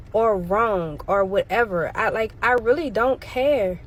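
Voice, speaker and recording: A woman creator talking straight to her viewers, exasperated and defensive. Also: on the high side. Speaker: social media creator. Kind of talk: direct-to-camera video clip.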